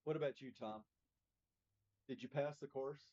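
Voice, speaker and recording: A middle-aged man leads a church class in plain, straightforward language, putting questions to the group in an interactive teaching style. His mid-range voice is slightly mellow and moves at normal speed, captured on a dull, lo-fi recording.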